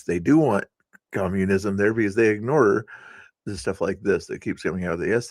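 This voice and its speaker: Low, dry-voiced man rambling on stream. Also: dry recording. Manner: rambling, with frequent fillers and chuckles. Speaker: live streamer hosting political commentary. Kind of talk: casual live-stream commentary.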